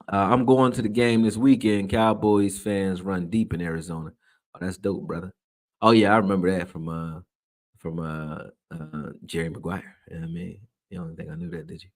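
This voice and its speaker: Low-pitched and fairly even in intonation, this man talks at normal speed while hosting a live stream. He reads viewers' comments aloud, chats in a loose, slangy way, swears openly, and gets loud when worked up.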